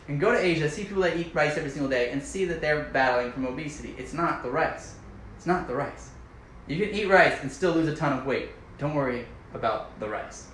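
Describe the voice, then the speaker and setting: Brief: enthusiastic male vlogger, slightly high voice, repetitive and jokey delivery, echoey room. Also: fairly bright tone. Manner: emphatic, repetitive, playfully enthusiastic. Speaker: health vlogger. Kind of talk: casual to-camera advice talk. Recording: echoey room with faint ambient noise.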